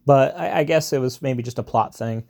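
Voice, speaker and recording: A man's voice: medium pitch, normal speed, creaky, a little mellow. Man casually retelling a film plot. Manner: rambling, with many fillers and asides.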